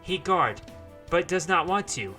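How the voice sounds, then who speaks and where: A man voicing a gentle, wild young woman who speaks in broken, simple English. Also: high-pitched, sing-song, a little slow, soft background music, pitched above the performer's own voice, exaggerated voice. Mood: earnest.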